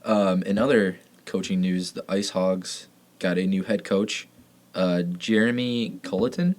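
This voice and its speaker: A man's voice: deep voice, fairly even intonation, measured pace, a little mellow. A man co-hosting a sports podcast, chatting casually and reeling off player names and stats. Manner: laid-back, rattles off player names and stats. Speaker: podcast co-host.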